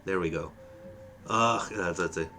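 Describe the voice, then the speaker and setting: Man putting on a gruff Irish dad. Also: deep voice, measured pace, bright, forceful tone, faint music behind. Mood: jovial. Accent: put-on Irish. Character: gruff older father, blustery and warm-hearted. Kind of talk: reading game dialogue aloud.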